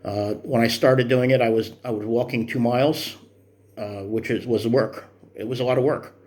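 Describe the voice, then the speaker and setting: A man's voice: mid-range voice, fairly even intonation, normal speed, a little mellow. A man in his fifties talking through his workout progress in a vlog, earnest and encouraging in a rambling way. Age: 50s. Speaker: vlogger. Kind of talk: motivational fitness vlog.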